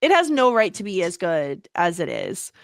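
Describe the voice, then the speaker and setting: A young woman co-hosting a podcast, chatting casually with a bubbly, quick-to-laugh manner. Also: lowish voice, huge pitch swings, gravelly, no echo, clean studio sound. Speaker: podcast co-host. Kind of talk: casual chat.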